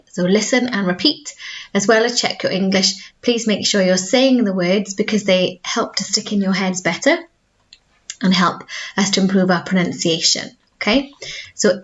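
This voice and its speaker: A Welsh-accented woman with a mid-range voice speaks at normal speed on a lo-fi recording. She teaches school languages and, in this recorded video lesson, explains clearly and patiently, modelling each word more than once.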